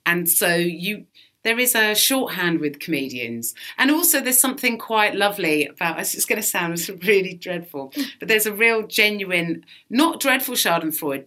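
A woman comedian chats as a podcast guest, lively and sweary, laughing her way through stories. Her voice sits low for a woman but sounds bright and forceful. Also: moderate pace. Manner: animated, swears freely, laughs often. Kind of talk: casual podcast interview.

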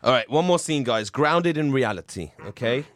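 A man hosting a spooky improv comedy show who yelps and laughs with the cast. His pitch is middling but swings widely as he reacts. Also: lively intonation, normal speed, dry recording, studio quality. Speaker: host.

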